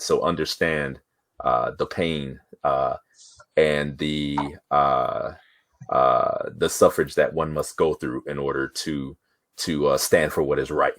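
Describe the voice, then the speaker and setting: A man playing a solemn, low-voiced commander. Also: no room sound, heavily acted. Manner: slow, solemn, hesitant speech. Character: stern male military commander giving counsel.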